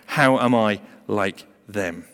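A man's voice: on the low side, slow pace, a bit bright, clear, resonant tone. A man voicing an indignant, self-righteous older farm woman who rants at God in fierce, aggrieved bursts, with a long reverb behind him. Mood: indignant ranting.

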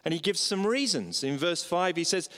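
A man preaching a sermon, animated and acting out the voices he quotes. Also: high voice, moderate pace. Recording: long reverb of a large hall.

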